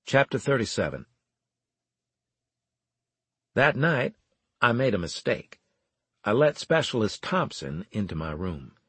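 Husky, lively male audiobook narrator. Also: on the low side, takes it slowly, pauses often, no room sound. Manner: wry, animated storytelling. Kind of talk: first-person audiobook narration.

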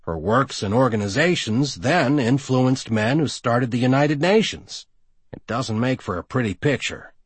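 Husky, animated male audiobook narrator. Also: medium pitch, a little slow. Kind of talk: scripted narration.

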